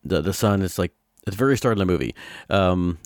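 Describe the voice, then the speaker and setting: A man co-hosting a relaxed movie podcast, retelling scenes with many restarts and chuckles. His voice sits low. The recording is dry and close. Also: fairly quick, no room sound. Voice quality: rambling, laughing, many fillers and restarts. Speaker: podcast co-host. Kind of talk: casual film-review chat.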